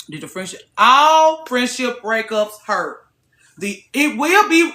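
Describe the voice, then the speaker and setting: A woman with a fairly high, bright, forceful voice rants straight to camera, blunt and profane. She preaches her point hard and breaks into shouts. The room around her is echoey. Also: expressive, slow pace. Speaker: vlogger. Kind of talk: casual vlog rant.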